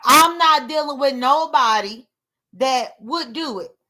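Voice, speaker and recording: A woman's voice: sits high, slow, noisy background. A woman, talking candidly and emotionally to her livestream viewers in a rambling way. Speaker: livestream host. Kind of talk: casual livestream talk.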